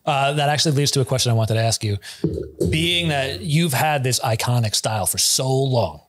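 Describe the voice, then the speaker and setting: A man's voice: medium pitch, lively intonation, moderate pace. A man co-hosting a podcast, putting a question to his guest in casual chat. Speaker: podcast co-host.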